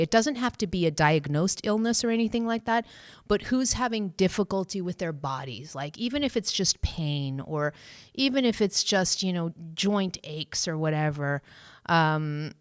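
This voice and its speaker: A woman hosting a live stream as a spiritual coach, speaking gently and reassuringly, laughing often and acting out inner voices in a high cheery tone. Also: no echo, studio quality. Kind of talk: live-stream guidance, answering viewer questions.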